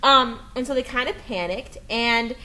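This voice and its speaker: A woman with a somewhat high voice presents a recorded history lesson. She is playful and enthusiastic and explains things step by step. She often checks in with her listeners as she goes. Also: moderate pace, bright, forceful tone, low-quality recording. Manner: playful, enthusiastic, adds dramatic sound effects; explanatory, frequent "um" and "okay?".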